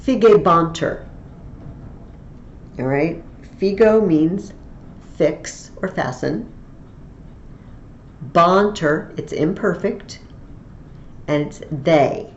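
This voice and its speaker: A woman's voice: on the low side, drawn-out words, long pauses, roomy sound, highs cut off. A woman teaching a Latin lesson in a recorded tutorial, explaining each form patiently, step by step.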